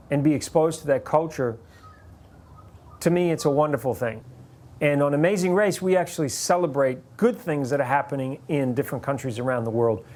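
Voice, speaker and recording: A man's voice: on the high side, darkish tone. A man in his forties from New Zealand, with a partly Americanized New Zealand accent, telling anecdotes about his career as a TV host in an interview. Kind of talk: reflective interview storytelling.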